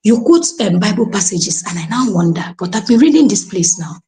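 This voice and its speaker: Brief: Nigerian-accented woman, mid-pitched, exclamatory live-stream testimony, addresses her coach often, drops into pidgin phrases. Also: animated, fairly quick, mellow, slight background noise. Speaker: podcast guest sharing a testimony.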